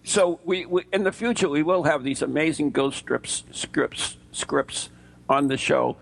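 A man's voice: a little high, fairly even intonation, a little slow, vocal fry. A man from the United States, co-hosting a podcast in casual, jokey banter, often repeating words as he goes. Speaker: podcast co-host.

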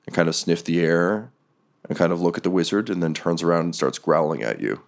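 A man narrating a tabletop game as game master, relaxed, with many filler pauses. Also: low-pitched, gravelly.

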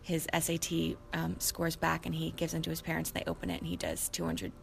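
A woman's voice: sits low, completely flat delivery, vocal fry, a little hiss or hum. A young woman co-hosting a podcast, recapping episodes in a rambling, emotional, casual way. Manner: rambling, emotional, quick to laugh. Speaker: podcast co-host.

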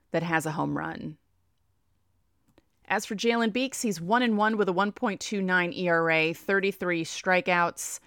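A woman's voice: fairly low pitch, fairly bright tone, clear, resonant tone, no room sound, clean studio sound. A woman with a New York accent giving a casual baseball preview, reading off stats and talking to herself as she checks lineups. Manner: chatty, reads off stats, talks to herself. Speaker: baseball podcaster. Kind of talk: casual sports preview talk.

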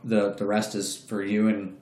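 A man's voice: fairly low pitch, completely flat delivery, measured pace, a little mellow, slight background noise. A man telling a story in a casual, profane way, acting out the voices of the people he quotes. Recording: roomy echo.

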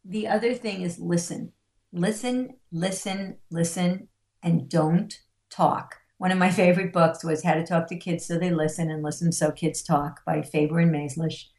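Gravelly-voiced woman telling parenting stories. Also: lowish voice, moderate pace, reverberant. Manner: animated storyteller acting out quotes. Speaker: parenting expert guest. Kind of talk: podcast interview, teaching through stories.

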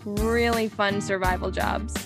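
A woman's voice: mid-range voice, fairly even intonation, measured pace, over music. A woman hosting a podcast, chatting in a teasing, affectionate way. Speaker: podcast host. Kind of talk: casual podcast chat.

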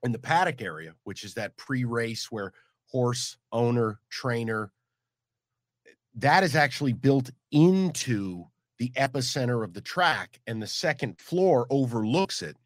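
Male podcast host, mid-pitched, relaxed rambling delivery, dry close mic. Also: measured pace, no echo. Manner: loud, punchy ad read then relaxed, rambling chat. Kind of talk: casual chat and host-read ad.

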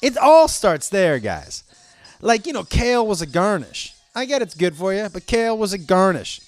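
A man's voice: high voice, big pitch swings, normal speed. A man hosting a podcast in a loose, profane, rambling comedic monologue. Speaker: podcast host.

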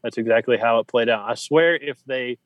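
Brisk and medium-pitched, this man co-hosting a sports podcast makes emphatic points through rhythmic, repeated phrasing in casual sports talk. The recording has no room sound and poor audio.

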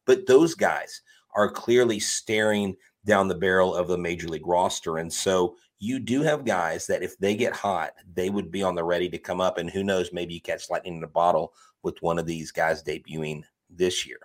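A man co-hosting a sports podcast in casual chat, animated and often laughing and teasing his co-host. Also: sits low, moderate pace, hardly any pauses.

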